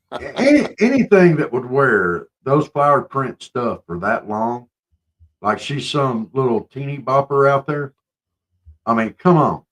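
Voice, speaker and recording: A man's voice: medium pitch, sing-song, unhurried. A man co-hosting a morning talk show, talking in an emphatic, opinionated way. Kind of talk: casual morning show banter.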